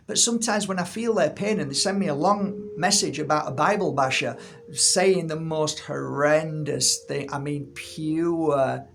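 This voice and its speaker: A man's voice: a little high, normal speed, vocal fry, a little hiss or hum. A middle-aged man talking casually and animatedly to his viewers from a room at home, often repeating his words as he rants. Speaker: healer and channel host.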